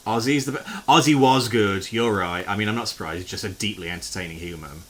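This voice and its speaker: A man's voice: on the low side, quick pace, a bit bright. A man streaming live, chatting casually with viewers while he plays a game, joking and swearing freely. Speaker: variety streamer.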